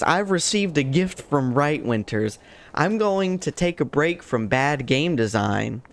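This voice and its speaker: A young adult man streams a game live at a measured pace, chatting casually and cracking jokes. He swings between excited highs and low muttered asides.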